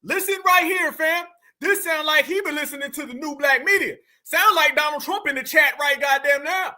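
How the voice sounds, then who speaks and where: Loud high-pitched man reacting to clips. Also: moderate pace. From United States. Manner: animated, loud, slangy, mocking, often shouting. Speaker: commentary channel host. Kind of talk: reaction commentary.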